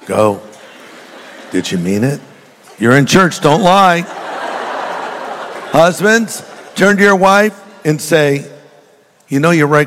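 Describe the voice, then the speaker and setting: Older male pastor with a joking delivery, a touch high, preaching in a reverberant church hall. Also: expressive, slow pace, pauses often, fairly bright tone, slight background noise. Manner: humorous storytelling, jokey asides to the congregation. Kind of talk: sermon.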